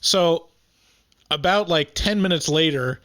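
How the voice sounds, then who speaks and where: A man co-hosting a podcast in casual chat. He laughs often and fills pauses with "like" and "um.". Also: a little high, a bit bright, no echo, clean studio sound. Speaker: podcast co-host.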